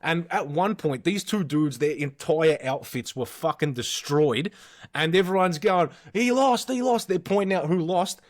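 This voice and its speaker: A man's voice: fairly high pitch, normal speed. An Australian man in his thirties, a podcast co-host, telling rowdy stories in casual chat and swearing constantly. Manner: swears constantly, animated storyteller.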